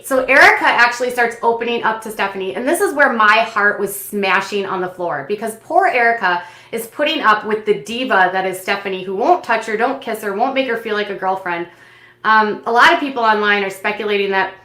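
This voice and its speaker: A woman hosting a reality TV recap, retelling scenes in an animated, opinionated, gossipy way with lots of fillers. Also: medium pitch, reverberant. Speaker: commentary channel host.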